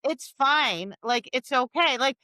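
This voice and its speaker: Bright, animated woman dog trainer. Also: sits high, takes it slowly, no room sound. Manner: animated storytelling with acted-out quotes, many restarts. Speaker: podcast co-host, dog trainer. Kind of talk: casual chat.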